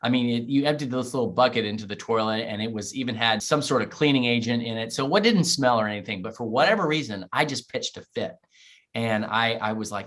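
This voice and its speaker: Guest, male, 40s, mid-pitched voice, earnest and reflective storyteller. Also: fast, a bit bright. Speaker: podcast guest. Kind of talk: personal storytelling in an interview.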